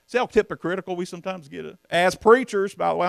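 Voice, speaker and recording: A man's voice: sits high, expressive, fast, vocal fry, few pauses, no echo. A man preaching from the pulpit, folksy and emphatic, often asking the congregation questions. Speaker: pastor. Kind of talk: sermon.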